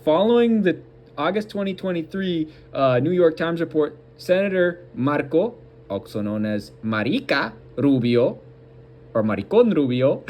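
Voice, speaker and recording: A man with a somewhat high-pitched voice reads an article aloud on his commentary show. He stumbles and restarts now and then, and cuts in with sarcastic remarks of his own. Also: a little mellow. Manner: reads haltingly, breaking off for mocking asides. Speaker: political commentary host.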